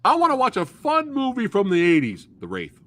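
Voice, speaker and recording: An excitable man hosts a casual movie review chat, full of slang like dude and bro. His voice swings widely in pitch and sounds bright and forceful. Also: brisk. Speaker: host. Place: live stream, reading chat.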